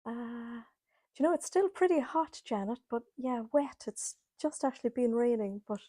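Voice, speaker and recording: A woman's voice: fairly high pitch, normal speed, warm tone, dry recording. A woman with an Irish accent hosting a live sewing chat from home, greeting viewers by name and laughing often as she reads their comments. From Ireland. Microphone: laptop or webcam mic, camera angled up.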